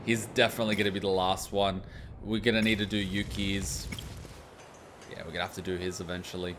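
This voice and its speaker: A man hosting a casual game reaction video, excitable, swearing freely and laughing often. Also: low voice, fairly quick, background noise. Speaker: let's play host.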